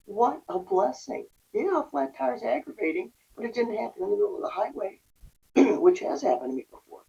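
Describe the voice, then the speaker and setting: Woman, gravelly, mellow dark tone, earnest advice, distant dull lo-fi recording. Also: fairly high pitch, fast talker. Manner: earnest, animated, quotes herself in little scenes. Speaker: guest, recovery and parenting coach. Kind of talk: conversational podcast advice.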